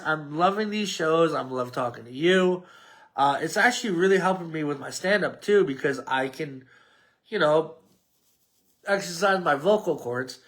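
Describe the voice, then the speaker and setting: A man's voice: high-pitched, pushed and bright. A man with a New York accent hosting a casual solo sports podcast, rambling and mumbling at times. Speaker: podcast host.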